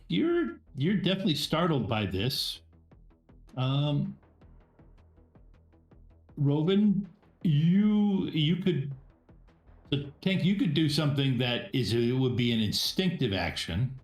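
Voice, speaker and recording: A man's voice: a little high, big pitch swings, echoey room, soft background music. A man narrating a tabletop game as game master, hesitant and full of fillers and restarts. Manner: halting, many fillers and restarts.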